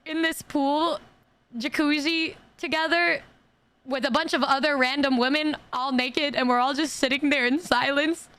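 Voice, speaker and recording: A woman streamer telling a story in casual chat, stammering and repeating words, quoting others in animated voices. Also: high-pitched, moderate pace.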